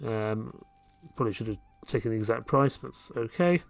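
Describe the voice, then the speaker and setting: A man with a medium-pitched, creaky voice, speaking a little fast, hosts a let's play. He gives relaxed, casual commentary while playing, thinking aloud about his next moves, with faint game music in the background.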